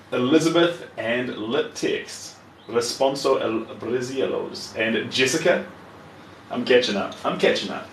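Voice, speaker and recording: A man's voice: fairly low pitch, a little hiss or hum. A man live-streaming while he paints. He chats casually, mutters to himself as he works, and greets viewers. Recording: roomy echo, voice far from the mic, faint ambience.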